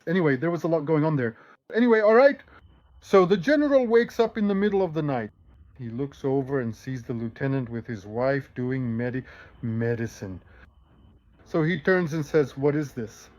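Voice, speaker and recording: A man hosting a show and telling jokes in a lively, animated way. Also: a little high, normal speed, no echo, dull audio. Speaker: host and joke teller. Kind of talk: casual joke telling.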